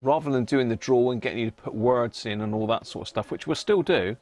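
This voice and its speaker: A man's voice: mid-range voice, a little fast, a little mellow. A man hosting a casual live stream from his home workshop, chatting loosely, laughing at himself and trailing off with ums. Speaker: radio restoration livestream host.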